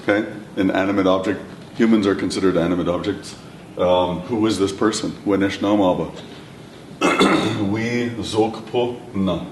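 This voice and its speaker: Low-voiced man teaching in an echoey room. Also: fairly even intonation. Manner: patient, repeats words slowly for learners. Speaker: language instructor. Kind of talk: classroom lesson. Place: classroom or lecture room. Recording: echoey room, mic at a distance, faint rumble.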